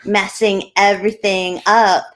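A woman's voice: medium pitch, flat delivery, unhurried. A woman co-hosting a live podcast in casual chat, giggly and chatty, drifting off topic. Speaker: podcast co-host.

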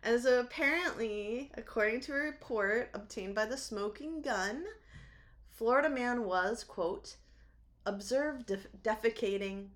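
A woman's voice: on the high side, measured pace, a bit bright. A woman with a New England accent, co-hosting a podcast and telling stories with lots of laughter and animation. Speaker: podcast co-host. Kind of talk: casual podcast chat.

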